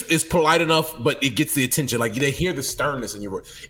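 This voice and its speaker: A man co-hosting a podcast in casual banter, quick with swears and jokes. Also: mid-range voice. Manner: animated, swears and quips. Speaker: podcast co-host. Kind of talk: casual chat.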